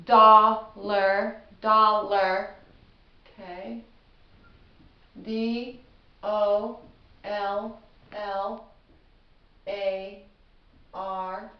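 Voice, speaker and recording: A middle-aged woman teaching a casual spelling lesson, chatty and self-deprecating, sounding words out slowly. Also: medium pitch. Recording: echoey room, slightly dull audio.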